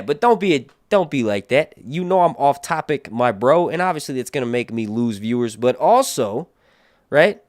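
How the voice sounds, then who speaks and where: Male stream host, rambling and crude, lively up-and-down delivery, slightly high voice. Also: dry recording, studio quality. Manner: rambling, crude joking, goes off on tangents. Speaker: host of a TV show review stream. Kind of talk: casual live-stream chat.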